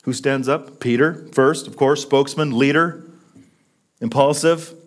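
A man preaching a sermon, swinging from loud emphatic peaks down to hushed, low lines. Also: unhurried. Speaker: pastor.

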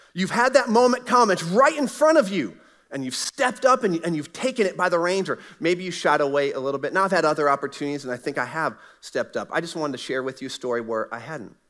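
A middle-aged pastor preaches a sermon in a church sanctuary, sharing a personal story in an earnest, conversational way. His voice sits on the high side with a fairly bright tone.

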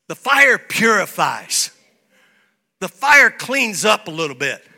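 A male pastor preaching a sermon, swinging from soft playful asides to shouted declarations. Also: high-pitched, sing-song, takes it slowly, vocal fry.

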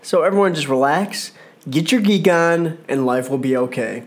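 A man's voice: fairly high pitch, expressive, normal speed. Chatty, rambling man reviewing wrestling. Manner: rambling, self-correcting, jokey. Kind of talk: casual solo commentary.

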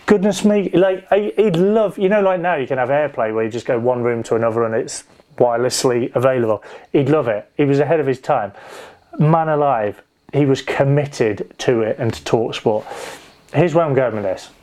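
A man's voice: mid-range voice, normal speed, a little mellow. Man preaching, easygoing and rambling with anecdotes, mid-range voice. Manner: conversational, digressive storytelling with restarts. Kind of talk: sermon with personal anecdote.

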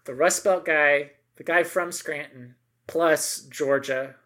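Animated, emphatic man in political chat. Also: on the high side, slow pace. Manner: animated, emphatic, many asides and tag questions.

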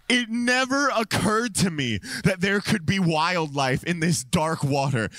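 A man preaching a sermon into a microphone, telling a story with lively swings between low, deadpan lines and excited high exclamations. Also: unhurried, hardly any pauses, no room sound. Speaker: pastor. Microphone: handheld or stand microphone.

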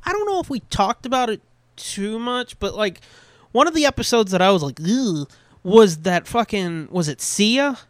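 A man co-hosting a podcast, chatting casually with lots of swearing and quick voice impressions. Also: high voice, dry recording, studio quality. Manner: animated, swears a lot, mimics voices. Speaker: podcast co-host. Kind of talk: casual profane chat.

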